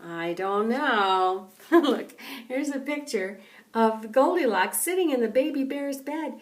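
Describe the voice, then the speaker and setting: A grandmother telling a bedtime story in an animated, dramatic way, recorded from a distance. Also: fairly high pitch. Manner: animated, dramatic, slow and expressive.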